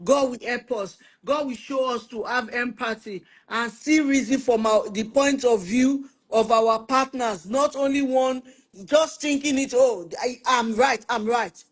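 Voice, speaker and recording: A woman's voice: fairly high pitch, unhurried. A woman hosting a Christian family talk stream. She gives practical marriage advice conversationally and often repeats words for emphasis. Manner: animated, acts out spouses' quoted lines. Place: online live stream.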